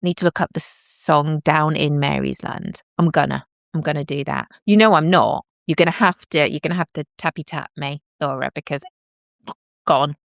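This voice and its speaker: A woman's voice: low-pitched, normal speed, vocal fry, dry recording, clean studio sound. Chatty woman hosting a live stream. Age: middle-aged. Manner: bubbly, self-deprecating, animated. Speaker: livestream host.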